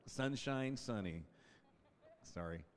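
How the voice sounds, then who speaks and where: A man's voice: medium pitch, lively intonation, takes it slowly. A man in his fifties working as the announcer at a school senior night, drawing out the players' names and adding chatty asides between them. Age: 50s. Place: school gym. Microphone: PA microphone. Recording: echoey gymnasium PA sound.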